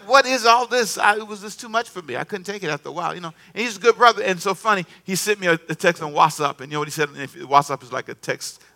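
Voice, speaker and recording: A man preaching a sermon in an animated, conversational way, repeating himself and calling on the congregation to answer. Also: on the high side, creaky. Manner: animated, repetitive, conversational preaching with call-and-response. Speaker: pastor.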